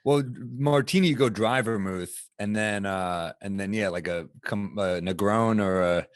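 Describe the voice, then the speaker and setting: A man with a New York accent co-hosting a casual drinking podcast, animated and swearing, laughing easily between lines. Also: lowish voice, normal speed, clean tone. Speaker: podcast co-host.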